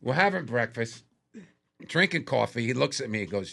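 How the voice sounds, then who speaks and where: Animated New man telling stories. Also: mid-range voice, normal speed, gravelly. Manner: animated storyteller, acts out quotes in a raised voice. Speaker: comedian guest. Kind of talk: casual storytelling on a podcast.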